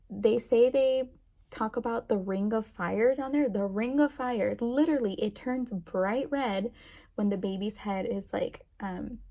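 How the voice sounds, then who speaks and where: Young woman vlogging, kinda gravelly fry, warm mellow tone, rambly w lots of um and like, a bit teary. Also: mid-range voice. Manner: chatty, rambling, many fillers. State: emotional, near tears. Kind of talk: casual chat to camera.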